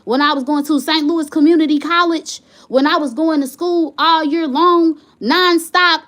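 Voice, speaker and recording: A high-pitched woman vents to the camera. She talks in a heated, rambling way and circles back over the same points. It sounds like a candid home vlog. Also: fairly even intonation, normal speed, fairly bright tone. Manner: heated, rambling, repeats herself when upset. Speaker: vlogger.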